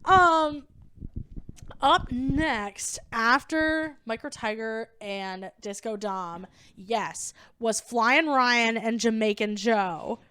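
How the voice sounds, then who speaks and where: A young adult woman co-hosting a comedy podcast, chatting casually and excitedly with lots of "like" and quoted impressions. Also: fairly high pitch, clean tone, no room sound. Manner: bubbly, rapid recaps full of "like" and quoted impressions. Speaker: podcast co-host.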